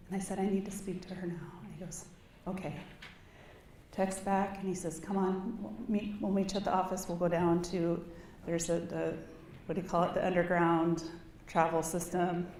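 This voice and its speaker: A woman's voice: fairly low pitch, little pitch movement, moderate pace, a little mellow, slight background noise. Woman keynote speaker, earnest and impassioned storyteller; roomy hall sound, mic a bit far off, faint ambience behind. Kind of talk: personal storytelling speech. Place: large conference hall.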